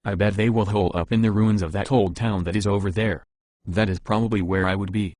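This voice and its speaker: Guy reading as a big bragging giant fighter, low voice, dry close sound, audiobook. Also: steady tone, fairly quick, darkish tone, no echo, close to an everyday voice. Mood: boastful. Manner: booming, boastful. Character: huge brash male warrior giant.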